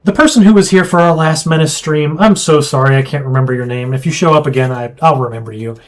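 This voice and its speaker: A man streaming a strategy game, chatting casually and thinking aloud with quick asides. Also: on the high side. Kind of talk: casual gameplay chat.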